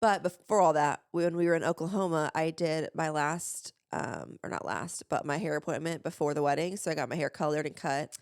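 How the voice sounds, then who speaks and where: A young woman co-hosting a podcast, chatting casually about her upcoming wedding, with frequent vocal fry. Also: sits low, fairly quick, hardly any pauses, dry recording, studio quality. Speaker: podcast co-host. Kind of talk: casual chat. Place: small room.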